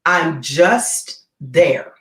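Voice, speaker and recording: A woman tells a gripping story in an interview, her pitch swinging widely as she builds tension. She keeps tossing in "right?" to pull the listener along, and her voice carries a roomy echo. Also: drawn-out words. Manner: animated, keeps checking in with "right?". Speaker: guest keynote speaker.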